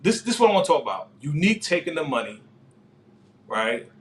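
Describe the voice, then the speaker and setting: A man hosting a casual live TV episode recap, speaking a little higher than most men. He is excitable, laughs often and leans on street slang, like a fan talking the episode through with his viewers. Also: fairly quick. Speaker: TV show recap host.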